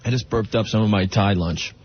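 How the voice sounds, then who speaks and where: A man hosting a comedy radio show, chatting casually and needling his co-host. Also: lowish voice. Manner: needling, quick, reads station IDs. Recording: muffled radio broadcast with music.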